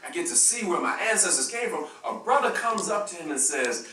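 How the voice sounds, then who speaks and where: A man's voice: sits high, animated, fairly quick, sharp tone, a little hiss or hum. A man giving a university lecture in an impassioned, preacher-like style with call-and-response to the audience. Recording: echoey hall from far off.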